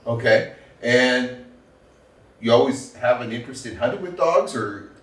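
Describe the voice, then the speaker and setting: A man's voice: medium pitch, lively intonation, measured pace. A man hosting a casual interview, asking curious questions with self-deprecating humor. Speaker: podcast host. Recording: roomy, distant mic.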